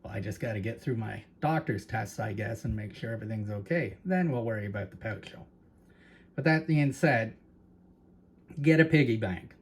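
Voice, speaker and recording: A man's voice: medium pitch, slightly rough. A man with a Canadian accent, hosting his own channel, talks casually and rambles, repeating words and turning to his viewers with asides. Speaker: channel host. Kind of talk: casual talk to camera.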